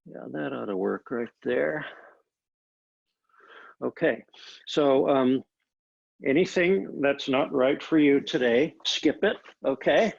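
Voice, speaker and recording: Guy teaching pilates, husky voice, calm cues, muffled laptop sound. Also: mid-range voice, slow, long pauses. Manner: calm, step-by-step cueing. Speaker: Pilates instructor. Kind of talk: guided exercise class instruction. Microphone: laptop microphone.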